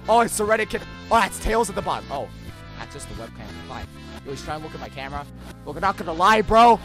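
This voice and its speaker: A man hosting a let's-play reaction, jokey and excitable, breaking into shouts. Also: fairly high pitch, fast talker, soft background music. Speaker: gaming channel host.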